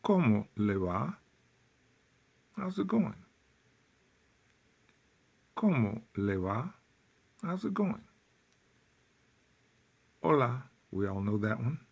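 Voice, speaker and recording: A man teaching a workbook lesson, repeating phrases slowly with folksy asides. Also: medium pitch, very animated, vocal fry, breathy edge, dull audio. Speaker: Spanish teacher.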